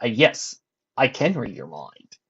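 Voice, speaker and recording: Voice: mid-range voice, very animated, measured pace, breathy edge, exaggerated voice. A reader voicing a chaotic, jovial male creature, playful and theatrical in a fan story reading, on a dull lo-fi recording. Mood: teasing. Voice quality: theatrical, grandiose.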